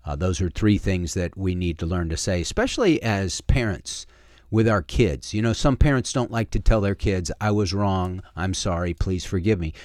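A man's voice: low-pitched, darkish tone, no room sound, studio quality. A middle-aged man hosting a talk radio show as a pastor, speaking earnestly in a folksy way with plenty of filler words. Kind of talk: casual talk radio with preaching. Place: radio studio.

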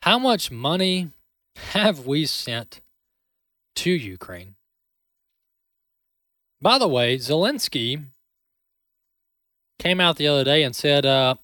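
Sarcastic animated male talk show host. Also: fairly high pitch, takes it slowly, long pauses, no room sound, studio quality. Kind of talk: opinionated political commentary.

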